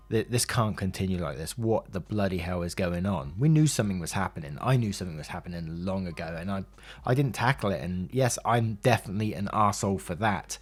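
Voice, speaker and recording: Low-voiced Englishman telling a painful story. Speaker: YouTube narrator. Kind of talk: personal storytelling.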